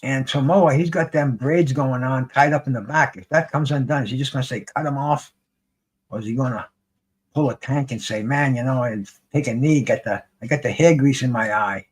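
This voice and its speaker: A man casually commenting on a live boxing fight as a streamer, rambling and excitable, swearing freely and restarting his sentences. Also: mid-range voice, moderate pace, husky.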